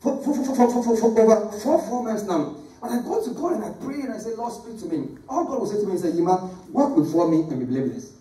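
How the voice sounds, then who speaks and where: A man's voice: very high-pitched, lively intonation, quick pace, mellow. A middle-aged man preaching a sermon. He talks emphatically, repeating phrases and calling on the congregation to read verses aloud. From Ghana. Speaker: pastor. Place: church sanctuary. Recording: echoey church from a distant mic.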